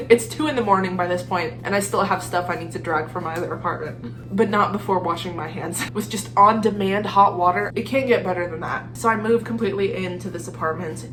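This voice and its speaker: A young woman telling a storytime vlog in an animated, exasperated way, laughing often between lines. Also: fairly low pitch. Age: young adult. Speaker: vlogger.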